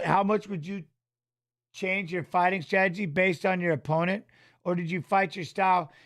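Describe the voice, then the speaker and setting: A middle-aged man hosting a fight watch-along, animated, coaching the fighters and chatting with viewers. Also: high voice. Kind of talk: live watch-along commentary and chat reading.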